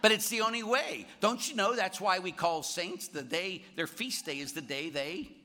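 A middle-aged man, a Catholic priest, preaching a sermon in a church, telling stories and shifting from near-shouts to hushed lines. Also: high-pitched, normal speed. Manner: animated storytelling with shouted bits and sudden drops to quiet.

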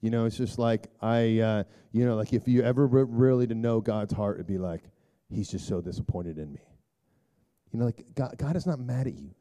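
A middle-aged man giving a rambling, conversational sermon talk to a church group, full of filler words and throat clearing. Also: a little fast, hardly any pauses. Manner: turns hushed and low for prayer. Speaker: speaker addressing a church group.

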